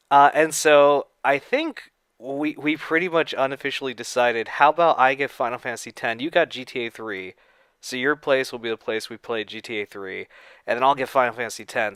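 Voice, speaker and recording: A man's voice: mid-range voice, fairly bright tone, clean tone, no echo. A man telling a casual story to his channel viewers, rambling with many fillers and the odd swear word. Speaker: video creator.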